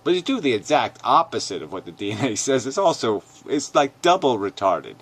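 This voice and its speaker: A man ranting angrily and profanely as he reads comments aloud, mocking them in sneering voices and swinging between shouts and mutters. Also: mid-range voice, very animated, a little fast, slightly rough. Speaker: video commentator. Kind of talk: angry rant reading comments aloud.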